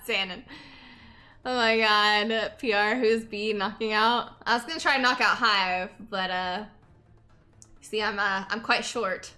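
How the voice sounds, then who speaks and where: A woman's voice: medium pitch, fairly even intonation, takes it slowly, bright, forceful tone. A young woman streaming and chatting casually, laughing often and reading chat aloud, tired from lack of sleep. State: sleep-deprived.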